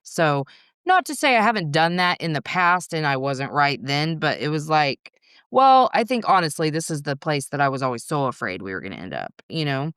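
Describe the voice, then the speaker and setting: A woman guest on a podcast, telling a personal story in a candid, rambling way, swearing freely and adding quick asides. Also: deep voice, sing-song, fairly bright tone, smooth, no echo, clean studio sound.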